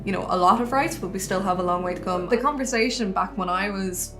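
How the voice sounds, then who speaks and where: A woman's voice: medium pitch, quick pace. A young Irish woman with a mid-range voice speaks candidly and earnestly. She is telling her own story in an interview, with faint music playing underneath. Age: young adult. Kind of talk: personal testimony.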